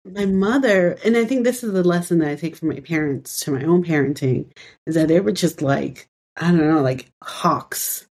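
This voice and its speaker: Woman educator and parent, husky gravelly voice, candid and animated. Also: low-pitched, moderate pace. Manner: candid, animated, laughing, frequent "like" fillers. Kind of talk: conversational interview.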